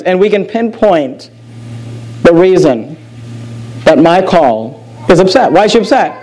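Male pastor, high voice, earnest sermon delivery with repeated phrases and questions to the congregation. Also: big pitch swings, measured pace, pauses often, darkish tone, low-quality recording.

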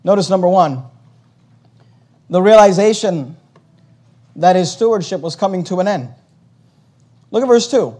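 High-voiced impassioned male preacher. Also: lively intonation, measured pace, pauses often, darkish tone. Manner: impassioned preaching, repeats words when stirred. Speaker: pastor. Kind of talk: sermon.

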